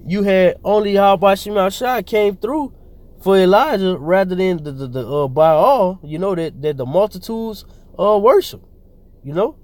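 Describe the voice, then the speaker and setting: A man's voice: sits high, expressive, moderate pace, darkish tone, dry recording. A man teaching scripture, reading verses aloud and then commenting in loose, slangy asides with fillers and repeated words. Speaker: preacher.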